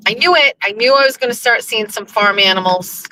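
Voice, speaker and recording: A woman in her fifties chatting casually from a moving vehicle, excitable and laughing, swearing freely. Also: fairly high pitch, a little fast, few pauses, poor audio. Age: 50s. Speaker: vlogger. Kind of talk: casual chat. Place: riding in a vehicle.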